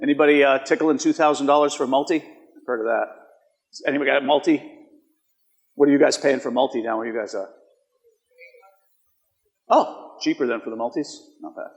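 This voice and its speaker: A man's voice: medium pitch, brisk, gravelly, pauses often. A man giving a conference presentation, walking an audience through live polls in a conversational way and often asking them rhetorical questions. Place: conference hall. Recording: long reverb of a large hall.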